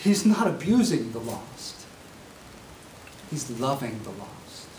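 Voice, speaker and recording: A man preaching a sermon as a student, telling a parable with lively storytelling and acted-out voices. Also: medium pitch, takes it slowly. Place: university classroom. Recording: echoey classroom, mic far off, faint hiss.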